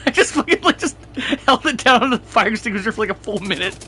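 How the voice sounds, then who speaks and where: A man's voice: high voice, lively intonation, fast talker, pushed and bright, slight background noise. A young man chatting casually while gaming, swearing freely and laughing through his stories. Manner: profane storytelling, laughs often.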